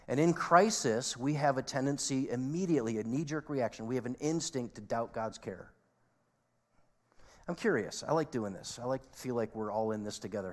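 A man preaching a sermon to a congregation, earnest, with emphatic peaks and quiet asides. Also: medium pitch. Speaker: pastor. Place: church sanctuary. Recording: long reverb of a large hall.

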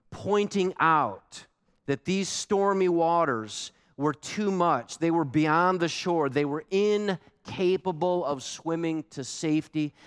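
A man preaching a sermon as a pastor, animated and emphatic, asking the congregation pointed questions. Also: fairly high pitch, smooth. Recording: long hall reverb.

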